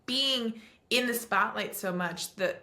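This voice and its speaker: Young woman podcast host, bright, emphatic chatter in an echoey room. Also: on the high side, slow. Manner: animated, ranting, emphatic. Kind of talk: casual chat.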